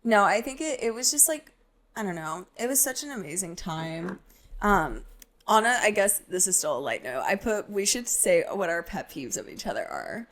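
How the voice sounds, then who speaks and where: A woman's voice: mid-range voice, sing-song, fairly bright tone. Young woman hosting a chatty podcast. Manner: chatty, storytelling, quick to laugh. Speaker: podcast host. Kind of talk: casual chat. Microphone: podcast mic.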